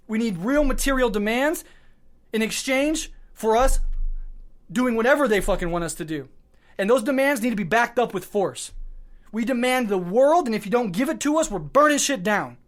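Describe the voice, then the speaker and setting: A podcast host launches into a heated political monologue, swearing freely and hammering his points with rapid, repeated short clauses. His very high-pitched voice has lively intonation and sounds raw, emotionally worked up and short on sleep, his feelings barely held in check.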